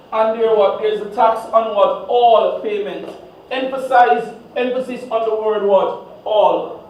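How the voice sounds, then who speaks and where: A man teaching a math class, drilling students with constant "what?" prompts to fill in the answers. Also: very high voice. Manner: call-and-response questioning, fill-in-the-blank "what?" prompts. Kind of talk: classroom exam walkthrough. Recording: echoey room, distant, dull.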